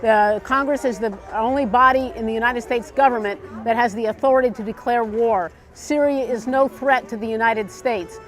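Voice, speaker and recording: A woman speaks out to camera at a street festival booth, firm and insistent, driving her point home again and again. Her voice sits a little high, with faint music behind her. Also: normal speed, few pauses. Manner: emphatic, insistent, repeats key phrases. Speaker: public commenter. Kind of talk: impassioned statement to camera.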